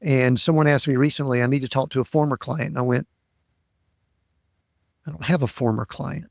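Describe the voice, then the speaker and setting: A man's voice: mid-range voice, fairly even intonation, brisk, vocal fry, no echo, clean studio sound. A man who hosts a podcast and works as a coach, asking reflective, probing questions in a conversational interview.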